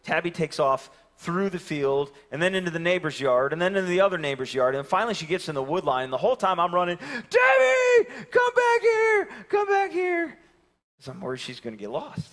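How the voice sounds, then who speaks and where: A man in his thirties preaching a sermon and telling a story, swinging from loud calls to hushed near-whispers. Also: a little high, quick pace, hardly any pauses, in a large hall. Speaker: pastor.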